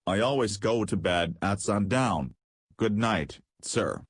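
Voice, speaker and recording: Storybook bird: a man doing a soft, gentle, well-mannered little hen bird, husky tone. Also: fairly low pitch, lively intonation, slow pace, no echo, full character voice. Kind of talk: audiobook character voice.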